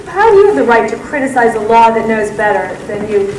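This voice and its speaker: A woman's voice: a little high, very animated, fairly quick, darkish tone, recorded from a distance, a little hiss or hum. A woman voicing a belittling male government prosecutor who badgers with repeated questions. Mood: badgering. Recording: echoey room, voice from afar.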